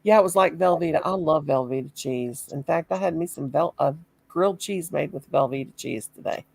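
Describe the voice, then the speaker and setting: A middle-aged woman telling lively everyday stories in casual chat, full of exclamations. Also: sits low, brisk, vocal fry, husky, dry recording, rough recording. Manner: animated storyteller, laughing, exclamations. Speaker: chat participant.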